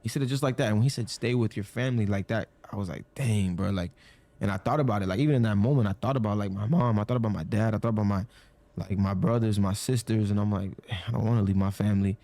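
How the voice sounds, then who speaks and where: A young man with a fairly low voice tells a story in a loose, casual way. He rambles, leans on "like" constantly, and slips into the voices of the people he quotes. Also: fast talker, mellow, no room sound. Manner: rambling, many "like" fillers, acts out quoted dialogue. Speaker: storyteller guest.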